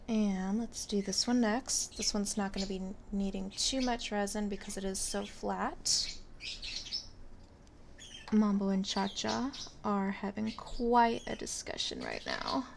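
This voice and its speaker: Gravelly-voiced woman chatting while crafting. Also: medium pitch, measured pace, a little hiss or hum. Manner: relaxed, chatty, talks while working. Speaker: resin artist. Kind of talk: casual crafting narration.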